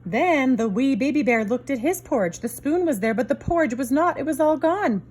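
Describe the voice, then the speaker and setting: Expressive woman reading a picture book aloud. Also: sits high, brisk. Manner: expressive, varied storyteller delivery. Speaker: storybook reader.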